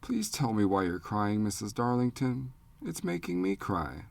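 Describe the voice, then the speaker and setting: A man voicing a frightened, grieving young boy who cries and shouts in a high, cracking voice in an audiobook. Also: sing-song, unhurried, gravelly, no echo, full character voice. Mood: tearful.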